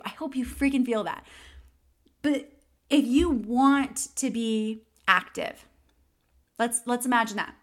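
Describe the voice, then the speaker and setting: A young woman with a somewhat high voice coaches her listeners in a solo podcast. She is encouraging and laughs often as she talks. She keeps repeating her key phrases so they sink in. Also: normal speed. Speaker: podcast host and mindset coach.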